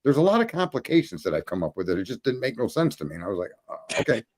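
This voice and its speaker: A man with a lowish voice spins rambling, profanity-laced stories on a casual podcast. He talks loosely and restarts often, and his pitch shoots up when something outrages him. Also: sing-song, very fast, darkish tone. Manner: profane, rambling, climbs into high indignant pitch. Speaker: podcast host. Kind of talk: casual storytelling chat.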